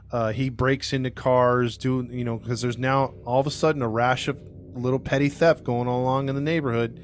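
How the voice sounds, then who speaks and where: A man hosting a true crime podcast, telling the case in a casual, animated way and acting out what people said. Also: mid-range voice, clean tone. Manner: animated, acts out quoted people, laughs often. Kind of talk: casual storytelling.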